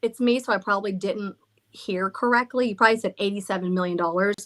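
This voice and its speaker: A woman's voice: mid-range voice, fairly even intonation, fast talker, fairly bright tone. A middle-aged woman who owns a haunted house, rambling through stories in casual chat, laughing and swearing freely. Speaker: haunted villa owner.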